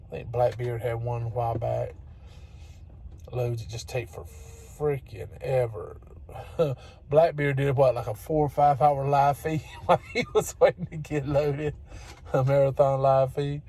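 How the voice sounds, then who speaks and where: A man's voice: mid-range voice, creaky, dark tone. A man talking casually to his phone camera as a truck-driving vlogger, chatty and exasperated, laughing often. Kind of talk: casual vlog rant. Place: truck cab and loading dock.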